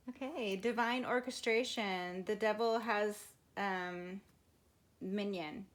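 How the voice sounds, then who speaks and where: A woman's voice: mid-range voice, steady tone, slow pace. A woman doing a casual tarot reading for her viewers, musing aloud and laughing often. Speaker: tarot reader.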